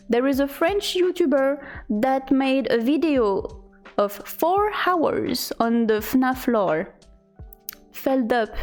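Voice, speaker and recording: Slow, giggly young woman streamer. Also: high voice, darkish tone. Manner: chatty, halting, giggly. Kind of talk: casual chat reading out chat messages.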